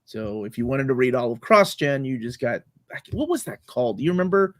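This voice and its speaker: A man's voice: medium pitch, very animated, fairly quick, no echo. A man hosting a casual video-call podcast, talking enthusiastically and rambling with lots of fillers. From Latin America. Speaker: podcast host. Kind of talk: casual comic-book chat.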